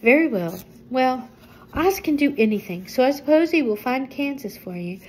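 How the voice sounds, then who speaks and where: A woman's voice: high-pitched, animated, moderate pace, voice pushed up, poor audio. Woman voicing a kindly village man, patient explaining, light raised voice, storybook. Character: kindly village man, hurt leg, knowing.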